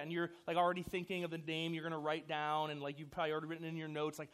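A youth pastor with a notably high voice preaches to a group of young teens. He talks loosely and animatedly, full of "like" and "you know". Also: level tone, very fast, hardly any pauses, fairly bright tone, clear, resonant tone. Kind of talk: sermon.

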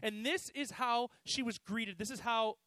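A man's voice: very high voice, a little slow, sharp tone, no echo, rough recording. A man giving a conversational sermon to students, with frequent "you know"s and restarts. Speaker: youth pastor.

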